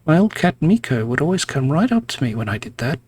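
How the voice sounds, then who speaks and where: A man voicing an eager, pleading homeless cat lover in a video game, pitched well above his own voice. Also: very animated, brisk, darkish tone, slight background noise.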